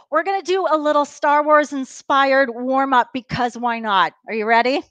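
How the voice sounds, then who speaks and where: Upbeat high-voiced woman leading a workout. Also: moderate pace, hardly any pauses, fairly bright tone, no echo. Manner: upbeat, encouraging, counts down reps. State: a bit out of breath while exercising. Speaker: fitness instructor. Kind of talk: live workout class instruction.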